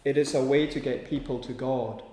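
A man's voice: medium pitch, steady tone, a little fast, warm tone, roomy sound. A man preaching a sermon with a rhythmic delivery, building his points through emphatic repeated lists.

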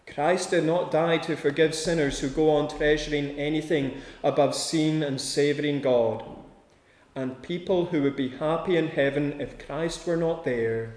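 A man's voice: on the high side, a little mellow, echoey room. A man preaching a sermon with a rhythmic delivery, building his points through emphatic repeated lists.

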